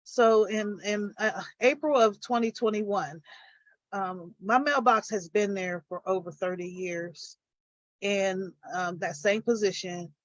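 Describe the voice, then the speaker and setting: An older woman, a guest on a live stream, recounting her own story and getting animated as she retells arguments. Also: mid-range voice, slow, no room sound, highs cut off.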